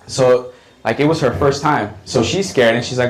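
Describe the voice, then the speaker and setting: A man's voice: medium pitch, moderate pace, poor audio. A man telling a rambling stand-up story on a comedy club stage, full of fillers and restarts. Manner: rambling, filler-heavy, lively.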